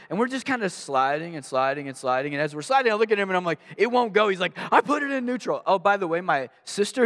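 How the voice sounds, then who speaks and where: Guy preaching, tells stories with lots of energy, voice echoing round a big hall. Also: high voice. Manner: animated storyteller, acts out voices in anecdotes. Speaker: guest pastor. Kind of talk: storytelling sermon. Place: church sanctuary. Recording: long reverb of a large hall.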